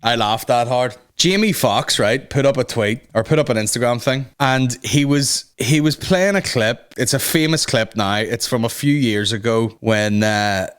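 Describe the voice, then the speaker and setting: A man's voice: medium pitch, normal speed, few pauses, clean tone. A man hosting a solo comedy podcast, swearing freely and breaking into mimicked voices. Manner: profane, excitable, mimics voices mid-story. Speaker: podcast host.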